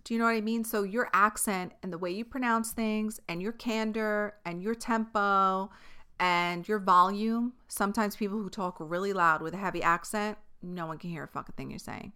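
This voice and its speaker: A woman talks into a podcast mic with a bright, sharp voice, chatting casually on her own show. She swears freely and breaks into laughter often. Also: medium pitch, moderate pace, clean tone. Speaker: podcast host. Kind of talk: casual solo podcast chat. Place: filming herself on camera. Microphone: podcast microphone.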